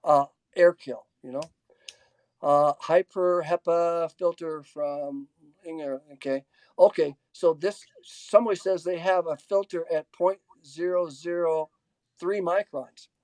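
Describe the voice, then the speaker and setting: A man answers audience questions over a video call. His voice is mellow and a bit high, heard dry and close. He stops, restarts and fills gaps as he reads the questions out. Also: fairly even intonation, takes it slowly, no room sound. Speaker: webinar speaker answering questions. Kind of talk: casual Q&A in a webinar.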